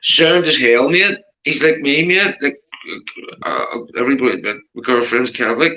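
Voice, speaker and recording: A man with a Belfast accent, originally from Northern Ireland, runs a casual livestream chat at normal speed. He keeps saying mate and his pitch rises animatedly, though the muffled recording sounds roomy.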